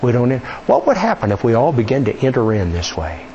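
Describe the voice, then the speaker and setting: A man's voice: medium pitch, wildly swooping pitch, a little fast, mellow, muffled recording, slight background noise. A male pastor preaching a sermon in a church, conversational, with many rhetorical questions. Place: church sanctuary.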